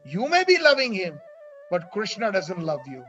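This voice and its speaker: A man's voice: high voice, wildly swooping pitch, normal speed, sharp tone. A man delivering a devotional story sermon as a religious storyteller, earnest and dramatic. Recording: dull lo-fi with faint music.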